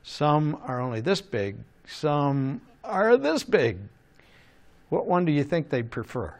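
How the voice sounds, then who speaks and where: A man preaching a sermon in an animated way, asking rhetorical questions and chuckling now and then. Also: fairly high pitch, slow.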